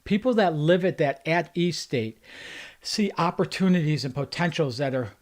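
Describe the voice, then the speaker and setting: A man's voice: on the high side, lively intonation, normal speed. Earnest man giving a motivational talk. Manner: earnest, repetitive emphatic phrasing. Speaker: life coach.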